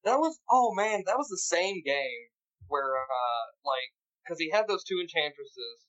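A man telling game stories in casual chat, animated and packed with filler words. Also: a little high, unhurried. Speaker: podcast guest. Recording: dull lo-fi recording.

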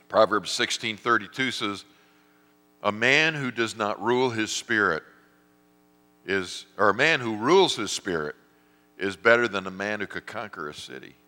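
A middle-aged male pastor preaches in a storytelling manner, slipping into voices and poking fun at himself. His low voice has a bright, forceful edge. It rings with a long reverb, as in a large church. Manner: storytelling, acts out voices, self-deprecating. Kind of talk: sermon. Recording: reverberant hall.

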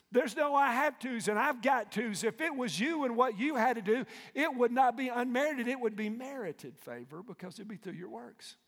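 High-voiced preacher shouting in a reverberant hall. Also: male voice. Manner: fervent preaching that swings from hushed to shouting, with call-and-response. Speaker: pastor. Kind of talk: sermon.

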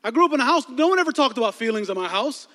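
A man preaching a sermon to a crowd, playful and animated, telling stories and doing voices for the people in them. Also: extremely high pitch, very fast, long reverb tail. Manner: lively, playful, acts out movie scenes with voices.

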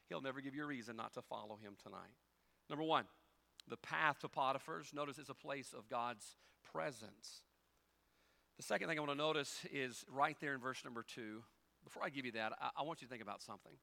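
A man preaching a sermon as pastor, folksy and conversational, moving between quiet storytelling and loud, rising exhortation. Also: mid-range voice, brisk, creaky.

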